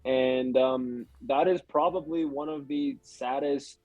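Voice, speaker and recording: A man's voice: medium pitch, takes it slowly, darkish tone, dry recording, soft background music, rough recording. A young man, a podcast guest, chatting casually and rambling with lots of filler words. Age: young adult. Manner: rambling, hedging with many "like"s. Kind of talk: casual chat.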